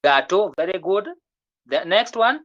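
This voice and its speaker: A language teacher giving an online French lesson, patiently encouraging students and repeating words slowly so they can drill them. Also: medium pitch, animated, a bit bright, highs cut off.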